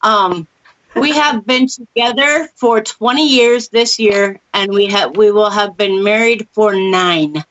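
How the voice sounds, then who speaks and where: A woman's voice: medium pitch, takes it slowly, fairly bright tone. A woman guesting on a chat show, laid-back, giving short replies and laughing often. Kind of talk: casual chat. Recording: dull lo-fi internet radio audio.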